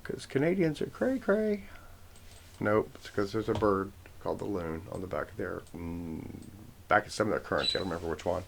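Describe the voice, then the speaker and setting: A man with a low, gravelly voice talks his way through trading charts, rambling, correcting himself as he goes and tossing in jokes. A faint hiss sits under the recording. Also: fairly even intonation, fast, a bit bright. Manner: rambling, self-correcting, joking asides. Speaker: forex trading channel host. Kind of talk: casual screen-share chart walkthrough.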